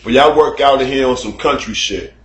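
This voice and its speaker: A man telling a story to his camera in a casual, animated, profane way, acting out shouts at a neighbor, recorded in a room at home. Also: medium pitch, fairly quick, roomy sound. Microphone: camera mic.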